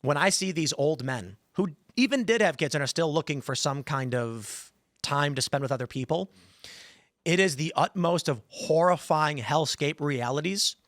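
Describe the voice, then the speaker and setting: A man hosting a podcast, telling stories in an animated way and acting out the voices in them. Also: on the high side, moderate pace, dry recording, clean studio sound. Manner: animated storyteller, acts out quoted voices. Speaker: podcast host. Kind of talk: casual talk-show chat.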